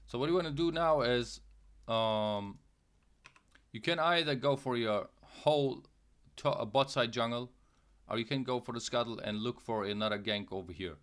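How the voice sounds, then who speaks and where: With a medium-pitched, clear, resonant voice that's a bit bright, this young man talks at a normal speed. He hosts a laid-back game tutorial for his gaming channel, repeating things, saying "okay" and "guys" to check in, and now and then adding playful mouth noises.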